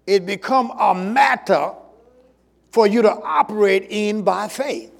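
A man preaching a sermon with emphasis, swinging from loud calls to low, quick asides. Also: creaky. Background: congregation.

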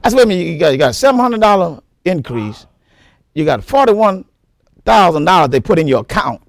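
High, lively preaching pastor. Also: male voice, brisk, gravelly, dry recording, clean studio sound. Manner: animated preaching, repeats words, laughs often, exclaims praise. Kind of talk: sermon.

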